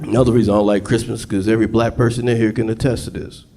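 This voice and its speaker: A male stand-up comedian doing a raunchy set on a club stage, profane and shouting his punchlines into a handheld mic. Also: on the low side, little pitch movement, rapid-fire. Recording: live club with loud audience laughter.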